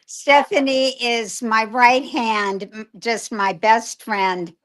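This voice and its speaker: An older woman speaking slowly, with a slightly high voice, over a video-call microphone. She giggles often and greets people warmly. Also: fairly even intonation. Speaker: guest, former child actress. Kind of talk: casual interview chat.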